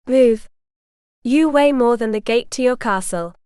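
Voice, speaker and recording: A woman's voice: on the high side, a little slow, a little mellow, clear, resonant tone, dry recording, natural voice. A woman voicing an arrogant male warrior lord who speaks dryly and curtly. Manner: dry, curt.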